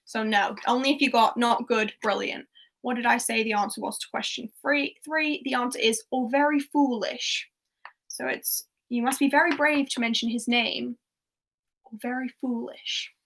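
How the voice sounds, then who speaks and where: A young woman hosting a casual livestreamed pub quiz, chatty and laughing softly as she reads out quotes and answers. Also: a little high, fairly even intonation, moderate pace.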